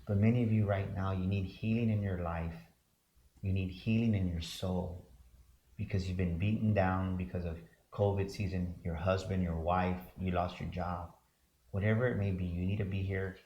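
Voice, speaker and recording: Fervent low-voiced male motivational speaker. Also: a little mellow, a little hiss or hum. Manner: fervent, repetitive, preacher-like build-ups. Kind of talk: motivational talk show chat. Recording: roomy echo.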